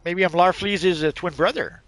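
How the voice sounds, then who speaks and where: A man's voice: high voice, normal speed, a bit bright. A man hosting a casual gaming livestream over a voice call, talking hesitantly with restarts and a playful tone. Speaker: channel host.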